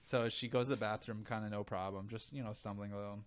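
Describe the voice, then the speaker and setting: A man's voice: fairly low pitch, fairly even intonation, quick pace. A young man co-hosting a podcast, telling stories in a casual, profane, joking way, with a sore throat. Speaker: podcast co-host, physician.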